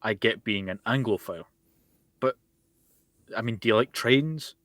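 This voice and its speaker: A man's voice: fairly low pitch, normal speed, fairly bright tone, no room sound. A Scottish man co-hosting a podcast over a voice call, ranting wryly in casual chat. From Scotland. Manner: wry, ranting, sweary. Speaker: podcast co-host. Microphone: home mic over a voice call.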